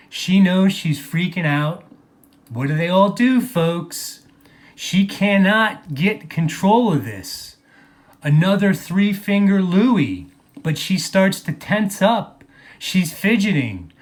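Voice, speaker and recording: Guy ranting on his vlog, slow and cussing a lot, a bit high-voiced, keeps repeating himself. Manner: ranting, profane, mocking; repeats phrases for emphasis. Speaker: video blogger. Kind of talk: angry monologue vlog.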